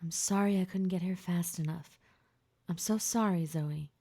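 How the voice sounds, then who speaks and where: A woman's voice: on the low side, normal speed, mellow. A woman narrator voicing a protective mother and doctor, torn between fury and tearful apology. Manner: tearful, pleading and fiercely angry.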